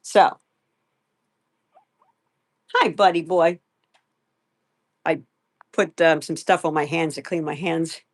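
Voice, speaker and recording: A middle-aged woman hosting a home live stream, softly sweet-talking her pet and chatting casually with viewers. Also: deep voice, steady tone, moderate pace. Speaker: pet livestream host.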